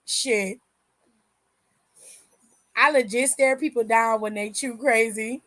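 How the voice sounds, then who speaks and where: High pitched woman w/ AAVE, chatting on a stream, swears a lot, dry close sound. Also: steady tone, slow pace, a bit bright, dry recording. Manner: candid, swears freely, laughs often. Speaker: aftershow host reading chat. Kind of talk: casual livestream chat.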